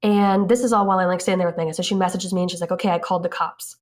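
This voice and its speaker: A woman's voice: lowish voice, rapid-fire. A woman casually telling a story, acting out the dialogue and saying "like" a lot. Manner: animated, acts out quoted dialogue, frequent "like". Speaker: interviewee recounting events.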